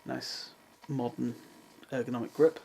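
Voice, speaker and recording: Gravelly young man vlogging. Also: mid-range voice, fairly even intonation, a little slow, mellow, slight background noise, low-quality recording. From England. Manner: dry, self-mocking asides. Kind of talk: casual vlog chat. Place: parents' house in the countryside, with cats.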